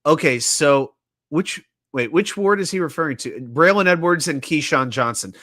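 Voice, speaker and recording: Hosting a casual sports livestream, a man with a slightly high voice keeps a moderate pace as he runs trivia. He's animated, joking around while reading viewers' comments out loud.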